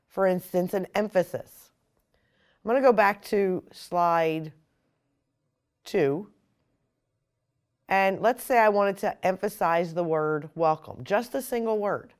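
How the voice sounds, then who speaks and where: A woman explaining software step by step in a screen-recorded tutorial. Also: medium pitch, smooth. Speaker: software instructor.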